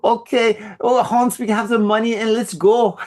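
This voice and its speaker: A man's voice: sits high, little pitch movement, unhurried, pitched above the performer's own voice. A man voicing a hammy male German bank robber, barking orders in a mock German accent.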